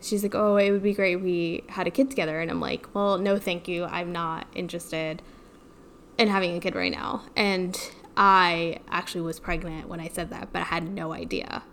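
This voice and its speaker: A woman's voice: fairly low pitch, fairly even intonation, normal speed, fairly bright tone, a little hiss or hum. A woman co-hosting a podcast, talking casually with lots of "like" and "um". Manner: chatty, many "like" fillers. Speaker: podcast co-host. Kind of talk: casual chat.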